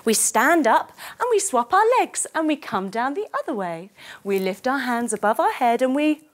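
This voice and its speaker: A woman's voice: on the high side, expressive, moderate pace. A woman leading a children's yoga class through a story, giving encouraging instructions and making playful sound effects.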